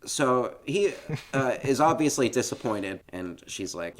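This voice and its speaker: A man co-hosting a podcast, retelling a film scene by scene in a relaxed, laughing, casual way. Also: medium pitch, a little slow. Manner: relaxed storytelling, laughs often, swears casually. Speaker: podcast co-host. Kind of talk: casual film recap chat.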